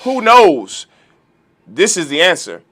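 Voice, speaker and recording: A man's voice: high-pitched, huge pitch swings, slow, a bit bright. A man teaching a religious law class, preaching emphatically and firing off rhetorical questions. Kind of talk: lecture-style sermon.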